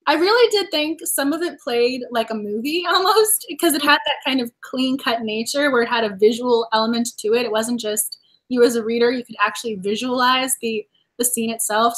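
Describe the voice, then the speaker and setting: A bubbly woman from Massachusetts chats casually on a live book club stream, laughing easily between thoughts. Her voice sits high and light. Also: brisk. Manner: bubbly, laughs often while talking.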